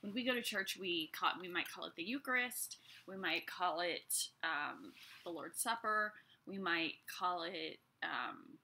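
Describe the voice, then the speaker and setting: A woman giving a casual Bible lesson, reading scripture aloud and chatting about it with lively asides. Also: on the low side, measured pace, vocal fry, few pauses. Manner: chatty and animated, with many fillers and asides. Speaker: Bible teacher.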